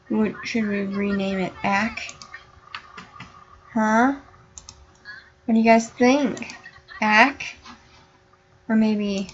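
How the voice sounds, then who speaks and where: Young woman, gameplay vlogger, high-pitched and playful, muffled home recording. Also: extremely slow, pauses often. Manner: chatty, voices the game characters playfully. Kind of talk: casual life-sim gameplay commentary.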